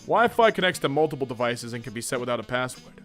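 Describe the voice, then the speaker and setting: A man's voice: mid-range voice, quick pace, faint music behind. A young man reading and joking about internet memes in comedic commentary, often slipping into silly voices. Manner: animated, jumps into silly voices for jokes.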